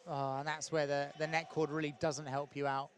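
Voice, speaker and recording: A man calls a padel match in a loose, conversational way, his voice sitting a little higher than most men's. He fills gaps with ums and small chuckles. A faint hiss of noise runs under the recording. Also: brisk. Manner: relaxed, chatty, with frequent ums and laughs. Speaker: padel coach commentating a match. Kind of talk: live match commentary.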